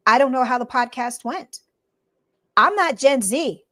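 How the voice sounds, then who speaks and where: A woman with a fairly high voice co-hosts a casual podcast chat. She talks bluntly and with emphasis, and she comes back to her points again and again. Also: expressive, a little slow, pushed and bright. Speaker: podcast co-host.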